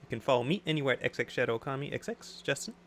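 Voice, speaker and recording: A man's voice: mid-range voice, expressive, rapid-fire, a bit bright, slight background noise. A man hosting a casual gaming podcast, laid-back as he signs off the episode. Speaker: podcast host.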